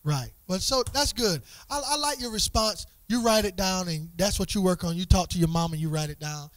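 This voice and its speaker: Church youth leader guy, high voice, keeps repeating himself, dry close sound. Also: no room sound. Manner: repeats words in quick restarts, asks the group questions. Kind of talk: conversational church teaching to young people.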